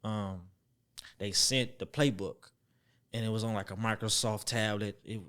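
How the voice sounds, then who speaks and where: A young man telling a story as a podcast guest, acting out the voices he quotes, dropping to near-whispers and then jumping up loud. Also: on the low side, steady tone, unhurried, clear, resonant tone. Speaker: podcast guest, former football player. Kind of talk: storytelling in a casual interview.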